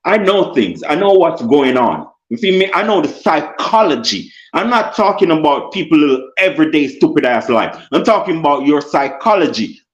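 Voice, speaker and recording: A man's voice: a little high, very animated, normal speed, hardly any pauses. Insistent Jamaican man, roomy dull sound. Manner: insistent, repeats phrases, talks over others. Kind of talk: heated debate.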